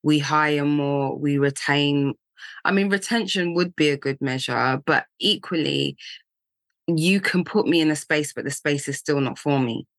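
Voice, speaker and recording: A woman co-hosting a podcast, talking in a thoughtful, animated, casual way. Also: low voice, measured pace, no echo. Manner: thoughtful, animated, laughs easily. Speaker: podcast co-host. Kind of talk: casual chat.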